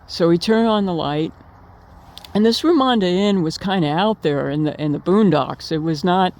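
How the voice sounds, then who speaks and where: A vlogger with a fairly low, darkish voice casually shares a memory of her late partner with viewers at a moderate pace. She rambles, using fillers and restarts, and laughs now and then as she tells the story.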